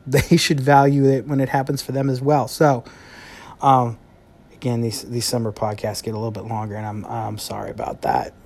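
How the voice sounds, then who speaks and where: A man's voice: mid-range voice, a little mellow. Solo podcast host, man, heartfelt and conversational, mid-range voice. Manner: earnest, heartfelt, conversational with pauses. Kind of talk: reflective solo podcast monologue.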